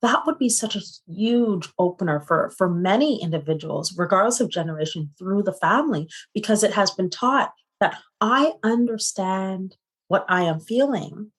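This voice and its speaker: A middle-aged woman talks as a psychotherapist guest in an interview. Her delivery is earnest and conversational. She often closes her points with a quick rhetorical question. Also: medium pitch, lively intonation.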